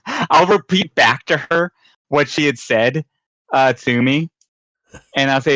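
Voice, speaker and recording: A man's voice: medium pitch, takes it slowly, long pauses, fairly bright tone, dry recording, dull audio. A man playing a tabletop game, talking casually with frequent hesitations. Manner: hesitant, many ums. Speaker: player. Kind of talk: casual chat.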